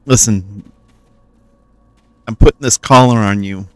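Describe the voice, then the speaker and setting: A man's voice: on the low side, unhurried, dry recording. A man from the Midwest, chatting playfully while streaming a game and joking with his viewers. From Cincinnati, US Midwest. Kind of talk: casual gaming commentary.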